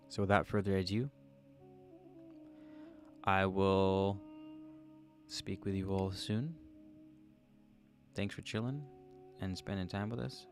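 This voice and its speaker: Over music, a livestream host in a low voice goes through viewer comments at a slow pace, leaving long pauses. He's laid-back and jokey, musing aloud as he chats.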